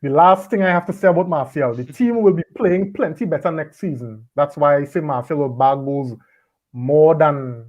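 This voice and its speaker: A man hosting a casual football chat, relaxed and repeating words as he thinks. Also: on the high side, normal speed. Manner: relaxed, repeats words while gathering thoughts. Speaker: podcast host. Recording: dull lo-fi audio.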